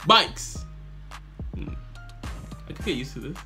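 A man in casual commentary, his voice bright and forward at a middle pitch. He talks loosely, circling back to repeat his points and dropping slang as he goes. Faint music sits behind him. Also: normal speed. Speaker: video reactor and channel host.

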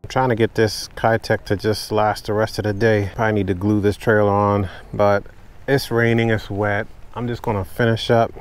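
A man filming his own fishing trip from a kayak in pouring rain, chatting casually to viewers and getting excited whenever a fish bites. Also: on the low side, normal speed, clean tone, faint music behind. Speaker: fishing vlogger. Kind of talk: casual on-the-water commentary. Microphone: camera mounted on the kayak.

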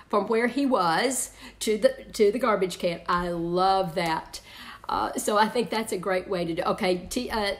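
In her medium-pitched voice, this woman runs an online parenting class in a chatty style, frequently laughing and reading viewers' comments aloud.

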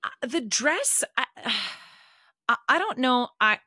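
A woman's voice: sits high, big pitch swings, takes it slowly, sharp tone, no echo, studio quality. A woman chatting casually on a podcast, digressive and full of "like" fillers. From Southern California. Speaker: teacher and podcast regular.

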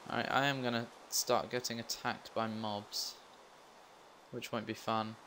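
A man's voice: fairly low pitch, little pitch movement, measured pace, bright, forceful tone, a little hiss or hum. A young man giving casual commentary while playing a game, rambling and joking at his own expense. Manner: rambling, self-mocking asides. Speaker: let's play gamer.

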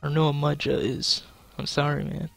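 A man's voice: a little high, level tone, fairly quick, vocal fry, a bit bright, no room sound, soft background music. A young man giving casual gameplay commentary, swearing and joking as he plays. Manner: swearing, frustrated, joking, talking to chat. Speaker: gaming YouTuber.

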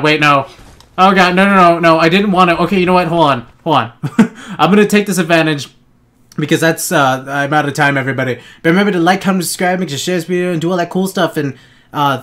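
A young man rambles through let's play commentary, joking, swearing and laughing at his own lines. His voice sits a little higher than most men's. The talk is loose and casual, addressed to viewers. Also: a bit bright. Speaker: gaming channel host.

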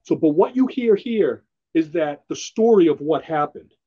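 Husky high-voiced man gushing about comics. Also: lively intonation, normal speed, mellow, lo-fi sound. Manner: enthusiastic, rambling, laughs often. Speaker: podcast co-host presenting a comic. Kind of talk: casual comic book chat.

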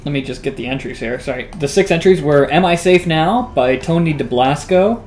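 A man's voice: fairly high pitch, lively intonation, a little fast, a little hiss or hum. Giggly man hosting a let's play. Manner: chatty, giggly, many fillers and restarts. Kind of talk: casual gameplay commentary. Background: faint music.

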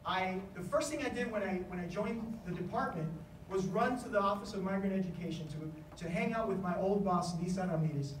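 A man giving a conference speech as an education official, telling stories in a lively way and acting out the voices he quotes. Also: sits high, brisk, echoey room, distant mic, slight background noise, low-quality recording. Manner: animated storytelling, acts out quoted voices. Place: conference hall.

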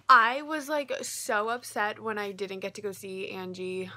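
A woman's voice: mid-range voice, measured pace, sharp tone. A young woman chatting casually to camera in a book vlog, rambling with lots of filler words. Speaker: book vlogger.

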